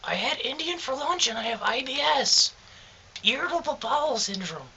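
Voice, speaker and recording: A man voicing a high-pitched, naive, rambling man caught in a sting for a comedy sketch. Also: very animated, moderate pace, bright, forceful tone, lo-fi sound, slight background noise, exaggerated voice. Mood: chirpy. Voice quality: high-pitched, nasal whine.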